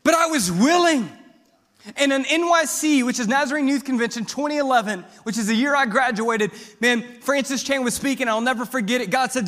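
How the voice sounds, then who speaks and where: A young male pastor from Missouri, preaching in a high, bright voice that rings down a long church hall. He tells his story quietly at first, then builds to loud, fervent calls. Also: brisk. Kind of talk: sermon with personal testimony. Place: church sanctuary.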